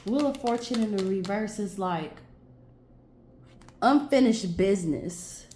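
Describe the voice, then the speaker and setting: A woman's voice: mid-range voice, animated, slow, dark tone, reverberant, slight background noise. A woman doing a casual tarot reading, musing aloud and talking to her viewers as she turns cards. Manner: musing, talks to herself and viewers, stretches words. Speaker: tarot reader.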